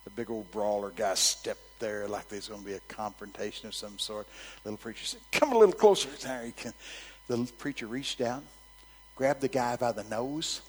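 A man's voice: on the low side, moderate pace, in a large hall, a little hiss or hum, poor audio. A man preaching a sermon, telling stories with animation and calling out to his congregation. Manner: animated storytelling, calls out to the congregation.

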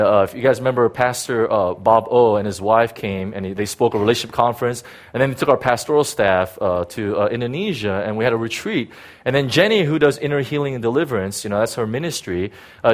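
In a medium-pitched voice, a middle-aged pastor recounts his own testimony within a sermon. His delivery stumbles, with repeated words and frequent "you know" fillers.

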